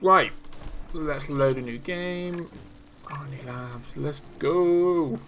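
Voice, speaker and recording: A young man hosting a live developer stream, reacting excitedly to community builds while he plays and talks to chat. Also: fairly high pitch, very slow, slight background noise.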